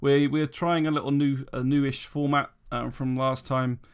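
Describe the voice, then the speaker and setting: A man's voice: medium pitch, little pitch movement, moderate pace, clear, resonant tone. A British man hosting a casual podcast, making announcements in a laid-back way with plenty of ums and chuckles. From Britain. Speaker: podcast host.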